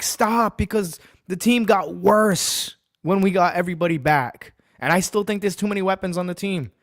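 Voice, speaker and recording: A sports podcast host from Massachusetts with a fairly high voice for a man, caught dry and close with no room sound. He talks bluntly and swears freely. He keeps circling back to drive each point home. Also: moderate pace, few pauses, no echo. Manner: blunt, profane and emphatic, repeats his points. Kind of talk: ranting sports podcast talk.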